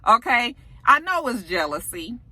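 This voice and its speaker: A woman's voice: a little high, very animated, unhurried, bright, forceful tone, no room sound. A woman giving a casual recap of a TV episode. She talks bluntly and profanely, with a sassy edge, and keeps checking in with "okay?". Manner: colloquial speech, often asks "okay?". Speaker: TV episode reviewer.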